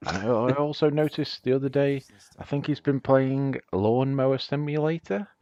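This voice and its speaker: A man's voice: mid-range voice, moderate pace, mellow, no echo, lo-fi sound. A man chatting casually and laughing often while he plays a game on a livestream. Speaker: streamer playing the game. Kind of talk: casual gaming livestream chat.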